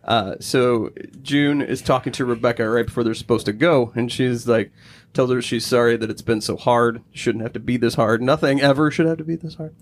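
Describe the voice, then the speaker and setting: A man in casual podcast chat, recapping a TV episode as a lively storyteller who swears freely and laughs often. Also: mid-range voice, fairly quick, slight background noise. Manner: animated storyteller, acts out characters' lines in put-on voices. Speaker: podcast co-host.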